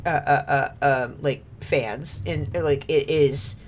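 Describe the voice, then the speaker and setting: Low-voiced woman streaming a game, rambly, lots of ums and laughs. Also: takes it slowly. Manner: rambling, laughs often, many filler words. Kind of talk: casual gameplay chat.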